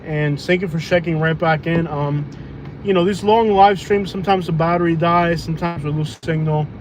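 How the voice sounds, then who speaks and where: A man rambles and jokes on a phone livestream as he drives deliveries. His voice sits a bit high. A steady wash of road and engine noise fills the car around him. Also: normal speed. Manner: rambling, joking, loose. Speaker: food delivery driver streaming live. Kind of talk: casual livestream chat while driving. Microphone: phone on live stream. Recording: noisy car cabin.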